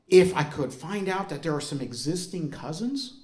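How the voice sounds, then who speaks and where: A man with a fairly high voice tells a story to an audience. He keeps it conversational and asks the listeners questions as he goes. His voice rings in an echoey room. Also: animated, normal speed, a little mellow. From United States. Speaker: speaker on family history.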